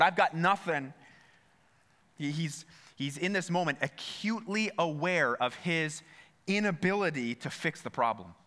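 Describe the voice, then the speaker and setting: Bright-voiced man preaching earnestly. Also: on the high side. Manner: earnest, repeats phrases, addresses listeners directly. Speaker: pastor. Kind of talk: sermon.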